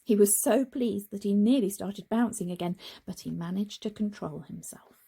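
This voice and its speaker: Lady reading a kids' storybook, big gasps and whispers, mellow and a bit raspy. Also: medium pitch, normal speed. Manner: very expressive, with gasps and hushed whispering. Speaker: storyteller reading a picture book. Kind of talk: children's storybook read-aloud.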